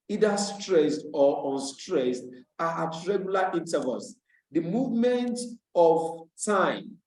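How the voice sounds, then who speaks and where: A male tutor gives an online lesson, speaking in a slightly high voice and patiently repeating key terms so students catch them. The sound comes through a video call from a room with a noticeable echo. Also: a little mellow. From Nigeria. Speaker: English tutor.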